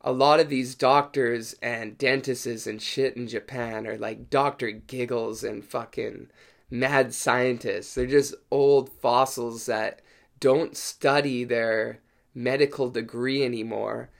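A young man from Denmark rants through a personal story, swearing freely and throwing in mocking asides. His voice sits mid-range with a gravelly, creaky edge. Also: medium pitch, slow pace. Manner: profane, animated, mocking asides. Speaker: vlogger telling personal stories. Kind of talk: casual storytelling rant.

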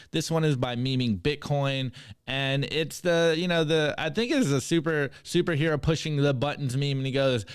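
Male podcast host, energetic, hype, smooth tone, dry close sound. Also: fairly high pitch, dry recording. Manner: energetic, hype, reads memes aloud. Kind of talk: meme review segment on a podcast.

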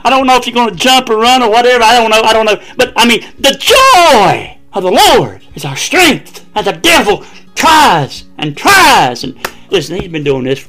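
A male pastor, likely in his sixties, preaching a fiery revival sermon, dropping to a hush and then rising to shouts, with repeated "Amen" and "yes, sir". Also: high-pitched, rough recording.

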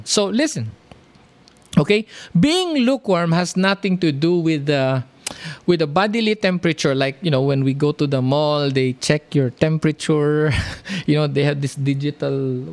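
A preacher delivering a sermon, reading scripture verses slowly and with lifted emphasis, then explaining them with rhetorical questions and asides to the congregation. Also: medium pitch.

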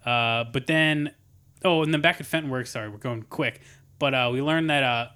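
A man's voice: medium pitch, normal speed, bright, forceful tone, clean tone. A man co-hosting a podcast, recapping a cartoon episode in a rambling, casual way with many fillers and some swearing. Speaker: podcast co-host.

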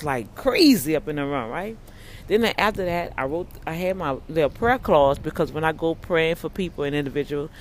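A man who prays for the sick, telling viewers a story in a casual, animated way and often calling them y'all. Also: on the high side. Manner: animated, addresses listeners as y'all. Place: hospital waiting area.

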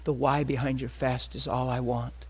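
God as a hushed fatherly voice, as a preacher puts him on. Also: mid-range voice, level tone, normal speed, husky, lightly acted. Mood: gentle. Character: God speaking softly as a father.

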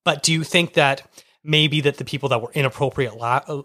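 Measured man hosting a film podcast. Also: mid-range voice, bright, forceful tone. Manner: measured, leading with questions. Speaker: podcast host. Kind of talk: casual film discussion.

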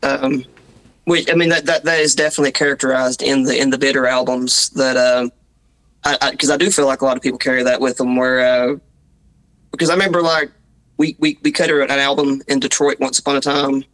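A man's voice: mid-range voice, level tone, a little fast, fairly bright tone, poor audio. A man with a Southern Appalachian accent, a musician being interviewed, talking casually with restarts and self-deprecating asides. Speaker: musician guest.

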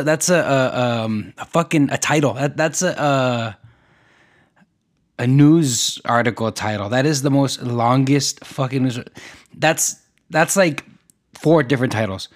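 A young man hosting a solo podcast, ranting in a rambling, profane way with many restarts and fillers. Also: mid-range voice. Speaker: podcast host.

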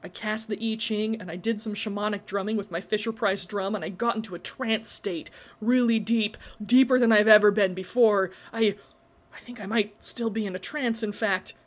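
Dreamy rambling young dude from a storybook, kinda dazed, halting speech, woman reading him. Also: medium pitch, steady tone, close to an everyday voice. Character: dreamy young man, awestruck and spacey. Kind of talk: storybook character voice.

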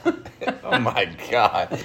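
A man's voice: mid-range voice, huge pitch swings, extremely slow, a crowd in the background. A man hosting a podcast, chatting casually and joking crudely over drinks with friends. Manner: laughing, joking, crude banter. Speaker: podcast host.

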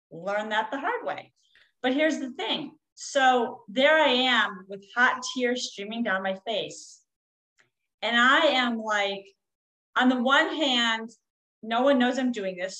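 A woman's voice: on the high side, fairly bright tone, poor audio. A woman, a coach, telling a personal story in a candid, rambling way with frequent fillers.

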